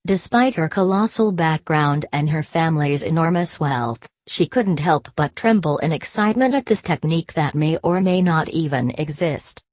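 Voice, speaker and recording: A woman narrating an audiobook in a steady, even reading manner. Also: low voice, moderate pace, few pauses, no echo. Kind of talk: scripted narration.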